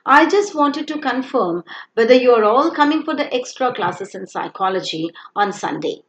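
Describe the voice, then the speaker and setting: A woman's voice: a little high, animated, moderate pace, fairly bright tone. A woman reads aloud as a polite student who interrupts friends to ask about extra classes. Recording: echoey room.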